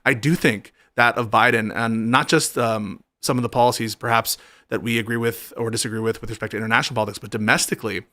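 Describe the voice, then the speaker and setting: A man's voice: medium pitch, steady tone, quick pace, sharp tone, dry recording. Regular-voiced guy hosting a politics chat, wordy and earnest, dry sound. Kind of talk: casual political talk.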